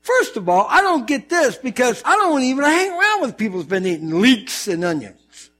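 A man preaching with an animated, joking delivery, slipping into funny voices to act out the stories. His voice sits high for a man. A low mains hum runs under the recording. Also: moderate pace. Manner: animated storytelling, mimics voices, jokes. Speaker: pastor. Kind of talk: sermon.

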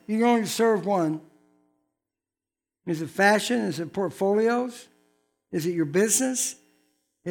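A pastor preaching in church in a fairly high voice, spinning folksy stories and acting out both sides of each conversation. Soft music plays faintly underneath. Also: male voice. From North Carolina. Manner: folksy storytelling, acting out dialogue. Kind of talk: sermon.

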